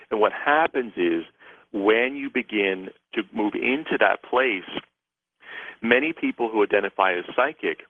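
A man who is a guest on a radio show, explaining ideas in a measured, lecturing way and listing points. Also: fairly low pitch, no room sound. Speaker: psychic and author, radio guest. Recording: tinny phone line.

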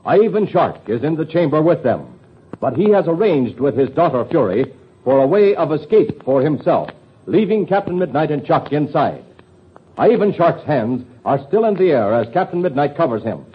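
A man's voice: a little high, very animated, normal speed, husky. A male radio announcer addressing young listeners in a chummy, upbeat 1940s style. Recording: lo-fi old radio recording.

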